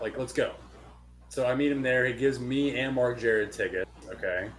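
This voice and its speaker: A young man co-hosting a podcast, telling a long story in casual chat, animated and swearing freely. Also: mid-range voice, normal speed, a little hiss or hum. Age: young adult. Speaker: podcast co-host.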